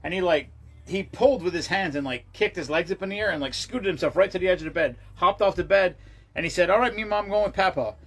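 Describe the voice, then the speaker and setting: Husky-voiced middle-aged man rambling casually. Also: high-pitched, quick pace, a bit bright. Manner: rambling, profane storytelling with laughs. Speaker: livestream host. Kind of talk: casual livestream chat.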